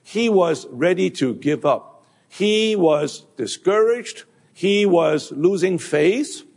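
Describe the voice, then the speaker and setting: Man preaching slow and halting, gravelly voice, lots of um and uh. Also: sits high, animated, darkish tone. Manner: halting, many fillers and restarts. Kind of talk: sermon. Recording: long hall reverb.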